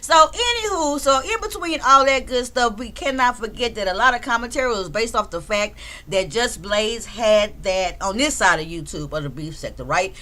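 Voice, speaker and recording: Chatty high-voiced woman streamer. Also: animated, moderate pace. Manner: chatty, shouts out chat members, swears freely. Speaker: livestream commentary host. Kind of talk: casual livestream commentary.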